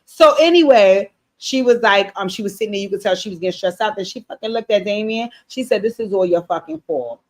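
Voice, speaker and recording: A woman giving a casual recap of a TV episode, animated and blunt, swearing freely and talking straight to her viewers. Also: mid-range voice, fast, hardly any pauses. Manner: animated, blunt and profane, addressing viewers directly. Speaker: TV show recap streamer. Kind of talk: casual show recap commentary.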